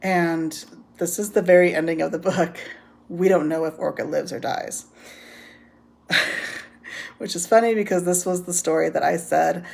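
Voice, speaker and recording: A woman's voice: lowish voice, steady tone, moderate pace, vocal fry, long pauses, darkish tone. A woman giving a casual, rambling recap of a book's plot, with frequent ums and laughter. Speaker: book reviewer. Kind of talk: casual spoken book recap.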